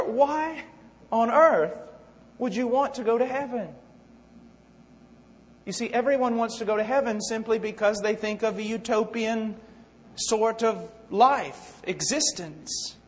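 A man preaching a sermon with impassioned swings between hushed and loud delivery. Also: very high-pitched, measured pace. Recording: long hall reverb.

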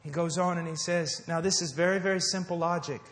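A high-voiced middle-aged American man delivers a fervent sermon. His voice rings through an echoey hall, swelling into forceful emphasis and then falling to soft, earnest pleading. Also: fairly even intonation, brisk. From United States. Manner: impassioned preaching, swinging between loud emphasis and hushed tenderness. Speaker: preacher. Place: church service before a congregation.

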